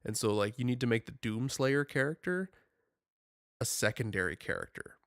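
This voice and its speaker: Rambling, animated young man. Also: mid-range voice, normal speed, no echo, studio quality. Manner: rambling, animated, many "like" fillers. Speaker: podcast co-host. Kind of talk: casual chat.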